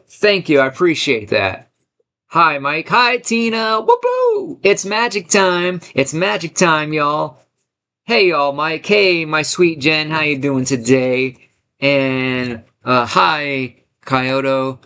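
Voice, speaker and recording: A man's voice: mid-range voice, fairly bright tone. A man hosting a live stream from his home studio, hyped and greeting chat viewers one by one. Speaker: livestream host.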